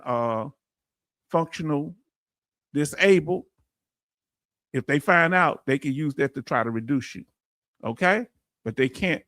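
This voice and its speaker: Man, commentary host, animated, fairly high voice, dry close sound. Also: no echo. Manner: animated, talks back at clips, laughs often. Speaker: veterans benefits commentator. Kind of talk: casual commentary video.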